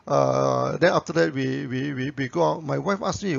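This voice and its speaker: A man's voice: mid-range voice, moderate pace, creaky, hardly any pauses. A man, a company founder telling anecdotes in a promotional talk to camera, tagging his sentences with "you know". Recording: dull lo-fi recording.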